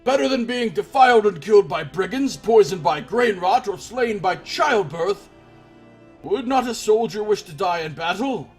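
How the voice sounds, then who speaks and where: A man reading a proud, zealous woman blacksmith in a game aloud, in a husky raised voice with earnest, declaiming delivery. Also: high-pitched, expressive, moderate pace, faint music behind, pitched above the performer's own voice. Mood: defiant.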